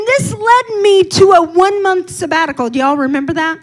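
A woman's voice: extremely high pitch, brisk, few pauses, low-quality recording. A middle-aged woman pastor giving a candid, personal sermon testimony with emphatic build-ups.

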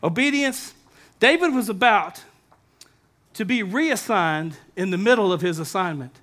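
A man preaching a sermon as pastor, lively and humorous, with asides to the congregation. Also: sits high, measured pace.

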